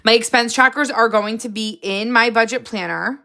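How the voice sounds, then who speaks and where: Woman, excitable, gravelly edge, chatty live-stream host, scattered, laughing. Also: fairly high pitch, normal speed. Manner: excitable, jumps between ideas, frequent laughs. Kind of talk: casual live stream chat.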